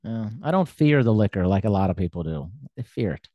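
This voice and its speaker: A man's voice: fairly low pitch, very animated, brisk, dry recording, lo-fi sound. Joking man hosting a chat. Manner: joking, self-deprecating, chatty with many fillers. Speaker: podcast host. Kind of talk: casual interview chat.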